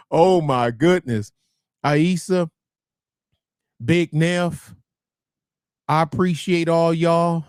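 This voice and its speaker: A man's voice: on the high side, fairly even intonation, extremely slow, pauses often, smooth, no room sound, studio quality. A man hosting a livestream, talking bluntly and profanely in rambling commentary that keeps restarting phrases. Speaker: livestream host.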